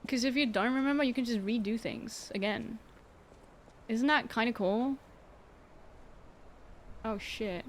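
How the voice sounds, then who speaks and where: A young woman with a fairly high voice talks through a game stream in a chatty, sarcastic way and giggles often. She speaks into a desk mic at home, with a faint hum of room noise behind her. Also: unhurried, long pauses. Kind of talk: casual gameplay livestream chat.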